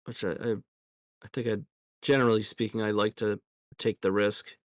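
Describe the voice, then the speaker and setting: A man's voice: fairly low pitch, flat delivery, normal speed, no echo. A tired man discussing card game plays in a casual chat, thinking aloud in a hesitant way. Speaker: guest player in a card game.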